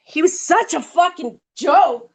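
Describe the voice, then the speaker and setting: A woman's voice: extremely high pitch, animated. A woman hosting a live stream, ranting angrily and swearing heavily about a rival. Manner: heated, profane, rapid-fire complaining. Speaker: livestream host. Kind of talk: angry live-stream rant.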